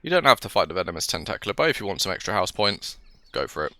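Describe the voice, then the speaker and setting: Bright, chatty man narrating a game. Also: low voice, big pitch swings, racing, no room sound. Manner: jokey, chatty, self-mocking. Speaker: gaming channel host. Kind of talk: let's play commentary.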